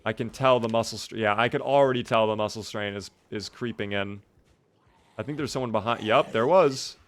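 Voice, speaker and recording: A man's voice: on the low side, brisk, fairly bright tone, a little hiss or hum. A man giving casual, jokey live-stream commentary over a game, chatting with and thanking his viewers.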